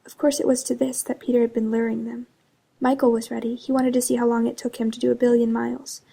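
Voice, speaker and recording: Brief: quiet woman narrator, husky and flat, reading a bedtime story. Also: on the high side, fast. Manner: hushed, partly whispered. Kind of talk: soft-spoken storybook reading.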